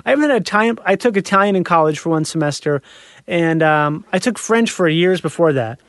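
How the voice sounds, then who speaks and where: A man chatting casually in an animated, rambling way, full of fillers and quick laughs. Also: fairly high pitch, no room sound. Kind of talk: casual chat.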